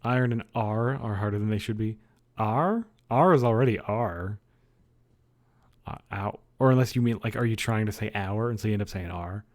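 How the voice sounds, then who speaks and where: A man's voice: on the low side, moderate pace. A young man streamer in casual livestream chat, joking and laughing often.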